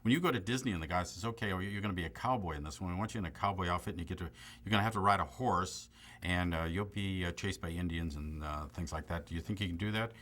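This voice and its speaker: An older comic actor reminiscing in an interview with a dry, joking delivery. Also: male voice, low voice, fast. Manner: dry, joking, deadpan asides. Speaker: comedic actor recalling a film.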